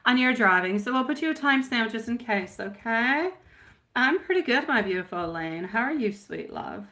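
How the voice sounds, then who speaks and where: Bright-toned woman reading tarot on a live stream, chatty, sweetie this, my love that, wanders around a bit. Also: a little high, animated, moderate pace. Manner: affectionate, calls viewers sweetie and my love; chatty and meandering, reading out viewer names.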